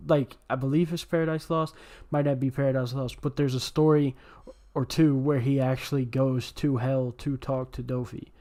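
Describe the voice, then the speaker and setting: A man's voice: medium pitch, level tone, normal speed, warm tone. A man in offhand, chatty casual talk as a podcast co-host, swearing now and then. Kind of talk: casual chat.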